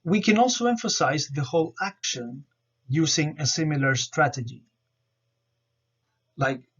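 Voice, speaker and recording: A man presenting a grammar lesson over slides, explaining in a careful, measured way. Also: a little high, husky. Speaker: student presenter. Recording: dull lo-fi recording.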